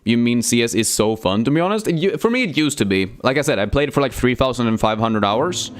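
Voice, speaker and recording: A man's voice: mid-range voice, lively intonation, quick pace, hardly any pauses. Casual man streaming games. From Sweden. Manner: loose and profane, reads chat aloud, many fillers. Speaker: game streamer. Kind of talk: casual live-stream chat.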